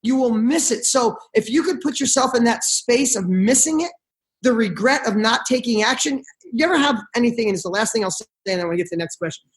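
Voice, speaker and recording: A middle-aged man speaks as a podcast guest, launching into motivational stories with real passion. His delivery is rapid and driven, loose and casual, with the occasional swear word thrown in. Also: extremely high pitch.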